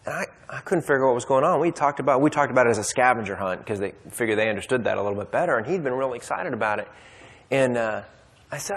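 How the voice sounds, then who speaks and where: Speaking quickly and with animation, a man with a medium-pitched, fairly bright voice shares a personal story at a men's Bible study. His talk is casual and conversational, full of fillers and restarts, and a long hall reverb surrounds it.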